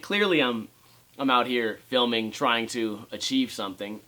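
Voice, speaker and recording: A man's voice: medium pitch, lively intonation, moderate pace, sharp tone. A young man vlogging about skateboarding at home, ranting sarcastically and swearing, and he often mocks other people's voices. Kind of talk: casual ranting vlog.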